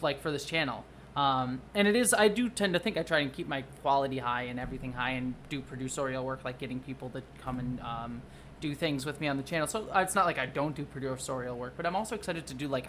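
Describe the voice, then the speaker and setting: A livestreamer and video producer chatting casually at home, rambling, excitable and often apologetic. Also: medium pitch, a little hiss or hum. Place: at home under a blanket.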